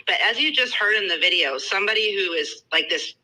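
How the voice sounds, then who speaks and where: A man's voice: sits high, lively intonation, brisk, sharp tone, low-quality recording. A man calling in as a guest, talking hesitantly with many fillers and an indignant edge. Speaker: guest caller. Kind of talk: casual chat.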